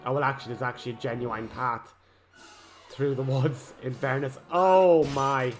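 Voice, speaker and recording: A man, rambling excitably while he comments on a role-playing game. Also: mid-range voice, moderate pace, soft background music. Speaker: let's play host. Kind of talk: gameplay commentary.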